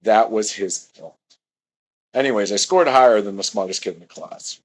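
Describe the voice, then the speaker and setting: A man's voice: on the low side, moderate pace, slight background noise, rough recording. A man telling a meandering personal story, often correcting himself mid-sentence.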